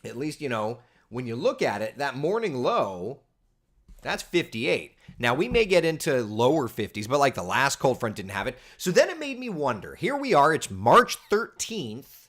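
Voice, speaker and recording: A man's voice: mid-range voice, moderate pace. A man hosting a casual live morning weather chat, joking and telling stories. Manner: chatty, jokey, lively storytelling. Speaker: TV meteorologist host.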